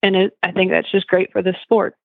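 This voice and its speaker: Woman judge calling in, slow careful explaining, tinny phone sound. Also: mid-range voice, level tone, dry recording. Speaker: guest dressage judge and trainer. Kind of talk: casual radio show chat.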